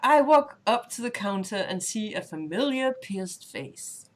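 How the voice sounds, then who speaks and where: A woman's voice: mid-range voice, expressive, a little slow, slight background noise. A woman, not a native English speaker, streaming and reading a dating game aloud with playful, laughing narration. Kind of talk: reading game text aloud, casual chat. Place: home streaming setup.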